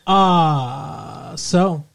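A man's voice: on the high side, extremely slow, vocal fry, fairly bright tone. Teasing man hosting a podcast. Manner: joking, teasing, puts on silly accents. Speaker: podcast co-host. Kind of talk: casual chat.

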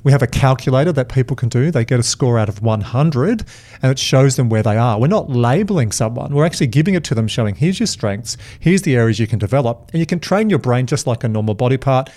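A man's voice: mid-range voice, animated, fast, a little mellow. A man hosting a podcast, talking in an emphatic coaching manner. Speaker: podcast host. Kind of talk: casual chat.

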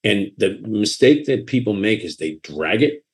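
A man with a Boston accent, an author talking frankly and with animation in a casual interview. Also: fairly low pitch. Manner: frank and animated, quick asides and laughter.

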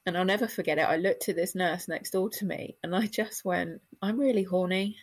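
A woman's voice: on the low side, steady tone, brisk. A woman, telling a personal story casually, with lots of "like" fillers. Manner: chatty, lots of "like" and "blah, blah".

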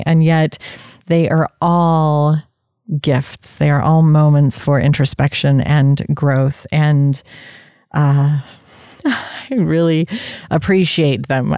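Woman, low and mellow, slow gentle inspirational talk, dry close sound. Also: no echo. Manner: gentle, unhurried, laughs softly between thoughts. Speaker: spiritual inspiration speaker. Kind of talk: reflective motivational talk.

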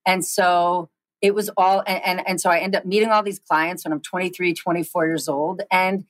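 A woman in her forties, a guest in an interview, telling quick animated stories with frequent restarts. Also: fairly low pitch, no room sound, poor audio. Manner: animated, fast storytelling with many restarts. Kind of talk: storytelling interview chat.

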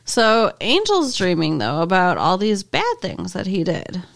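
Lively, laughing woman podcast co-host. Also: lowish voice, a little slow, gravelly. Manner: laughs often, playfully contrary. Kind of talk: casual chat.

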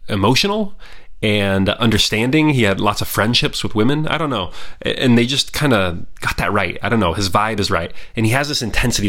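A man's voice: on the low side, fairly bright tone. A man giving a casual, opinionated spoken review of a historical film, talking freely with frequent restarts and asides. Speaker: history commentator.

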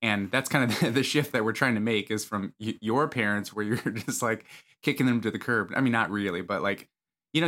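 A man co-hosts a podcast with a somewhat low but bright, forceful voice. He talks in a loose, chatty way and is quick to laugh. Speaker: podcast co-host. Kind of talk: casual conversational podcast talk.

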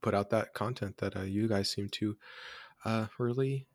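A man's voice: lowish voice, normal speed, no room sound, studio quality. A man hosting a casual sports podcast, rambling with many fillers while he has the hiccups. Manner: rambling, self-interrupting, lots of fillers. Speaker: podcast host.

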